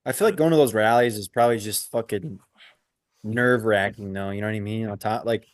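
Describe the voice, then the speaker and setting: Rambling man with a low, dry voice. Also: fairly quick, no room sound. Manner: rambling, profane. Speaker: podcast co-host. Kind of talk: casual chat.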